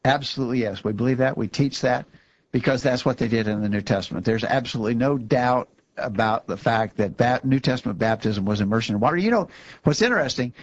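A man's voice: medium pitch, fast talker, highs cut off. A man co-hosting a Bible discussion show, explaining Scripture in an emphatic, conversational way and repeating himself when he insists.

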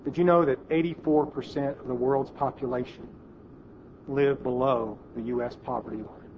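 Man, sermon storyteller, hushed at tender moments, faint room hiss behind. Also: mid-range voice, steady tone, normal speed, highs cut off. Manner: storytelling, quieting to a hush at emotional moments. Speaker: preacher. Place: auditorium.

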